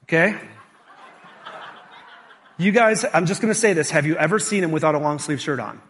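High-voiced man preaching in a reverberant hall. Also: lively intonation, moderate pace, fairly bright tone, a little hiss or hum. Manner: engaging, asks the congregation questions. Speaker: pastor. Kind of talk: sermon. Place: church sanctuary.

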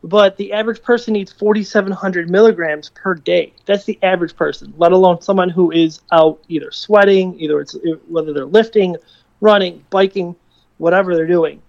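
A man's voice: moderate pace, vocal fry, no echo. Guy explaining his product on a podcast, dull muffled audio, very dry sound. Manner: pitching, explanatory and fact-heavy. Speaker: guest, product maker. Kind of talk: interview answers.

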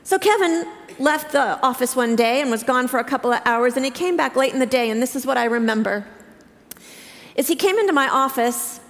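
A woman in her fifties preaching a sermon to her church, telling a personal story earnestly, with halting restarts. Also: high-pitched, animated. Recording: reverberant hall.

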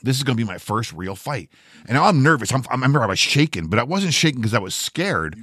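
A man's voice: mid-range voice, quick pace, breathy edge. An older man, a podcast co-host, telling a story in casual, profane talk and acting out the voices. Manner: profane, animated storyteller who acts out voices.

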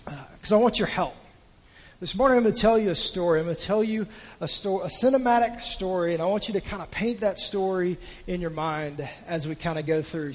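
A man's voice: sits high, big-room sound. A man preaching a sermon in a church auditorium, telling a story conversationally and often repeating words as he goes.

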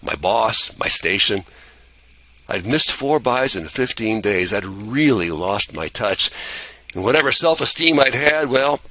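Man reciting a rhyming story poem, animated. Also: on the low side, no echo, poor audio. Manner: storytelling, rhythmic and expressive. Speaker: poem reader.

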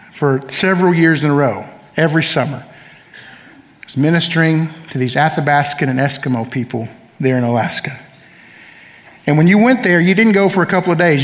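Middle-aged male pastor, high voice, emphatic sermon delivery with call-and-response, church hall reverb. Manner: emphatic, calls for audience responses. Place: church sanctuary.

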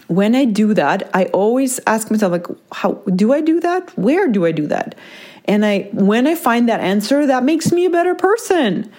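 A woman, a mother, telling a personal story in a casual, reflective monologue. She often checks in with "right?" and "like", and speeds up and slows down within a sentence. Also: medium pitch, darkish tone.

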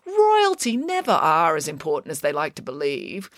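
A woman's voice: low-pitched, huge pitch swings, normal speed, no room sound, studio quality. A woman voicing a self-important, cake-loving female pig nanny in a storybook, talking theatrically with dramatic sighs. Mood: grandly opinionated. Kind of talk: storybook character voice.

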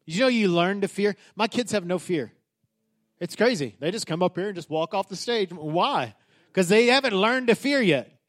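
A man's voice: high-pitched, animated, moderate pace. A man in his thirties, a pastor preaching a sermon in a casual, emphatic way, often restarting his sentences.

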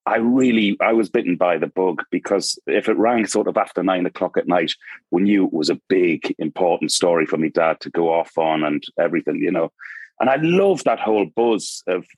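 This middle-aged man from Newcastle, northeast England, has a deep, slightly mellow voice with a breathy edge, at a moderate pace and with no echo. A Geordie podcast guest, he chats casually and keeps drifting into tangents as he rambles through stories.

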